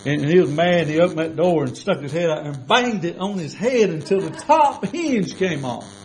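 A man's voice: on the high side, expressive, moderate pace, poor audio. An older man, preaching a sermon as a folksy, plainspoken storyteller.

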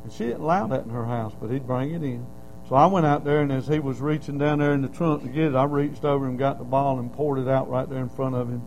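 A man's voice: medium pitch, steady tone, fast talker, gravelly, a little mellow, a little hiss or hum, low-quality recording. A middle-aged man preaching a sermon, telling stories in a folksy way and building to emphatic cries.

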